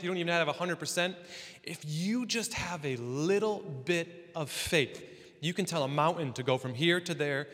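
A man with a somewhat high voice preaches to his congregation in a loose, animated, chatty way, dropping joking asides between points. His words ring out with a long reverb like a big church hall. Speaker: pastor. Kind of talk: sermon.

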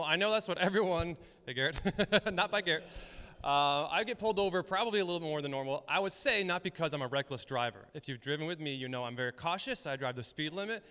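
A young male pastor preaches in a hall with a long reverb that trails after his words. His voice sits a little high, and its tone is smooth and resonant. He keeps things conversational, telling stories and laughing along the way. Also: expressive, fast, sharp tone. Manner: storytelling, conversational, laughs often. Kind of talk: sermon. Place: church hall.

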